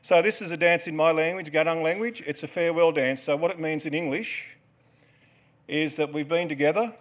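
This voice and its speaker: An Australian man in his forties talks to a live audience from a stage, his voice sitting a touch high for a man. He tells a story, cracks jokes and coaches the people up front through a dance. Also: brisk. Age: 40s. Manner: joking, storytelling, instructing a crowd. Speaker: dancer and performer.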